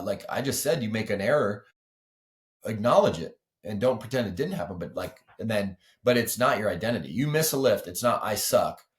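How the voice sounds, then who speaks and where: A low-voiced man talking as a guest on a podcast, a weightlifting coach. He explains things earnestly and casually, peppering his sentences with 'like' and 'you know'.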